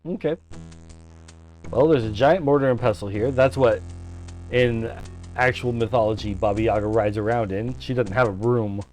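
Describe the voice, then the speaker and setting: A man's voice: medium pitch, moderate pace, darkish tone, soft background music. Chatty male gameplay host. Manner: chatty, amused. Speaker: let's play host. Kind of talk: casual gameplay commentary.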